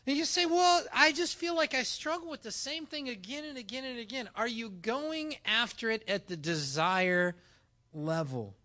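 A man preaching with a high, bright voice. He tells stories animatedly, acting out both sides of a conversation. The voice stays clear and forward throughout. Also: normal speed. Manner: animated storytelling, acting out dialogue. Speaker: pastor. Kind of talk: sermon with personal story.

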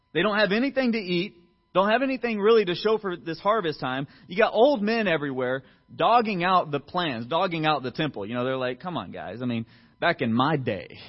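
A man preaching a casual, chatty sermon, his voice sitting a little high for a man. He acts out quoted voices with sudden jumps in pitch and loudness. The recording sounds muffled and lo-fi. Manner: conversational, lots of fillers and asides. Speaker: pastor.

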